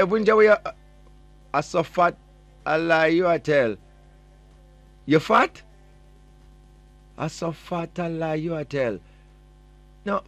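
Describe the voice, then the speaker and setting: Hosting a morning radio show, a Jamaican-accented man reads out listener messages, playfully teasing his audience and mixing patois into his English. His voice is fairly high and fairly bright, with no echo.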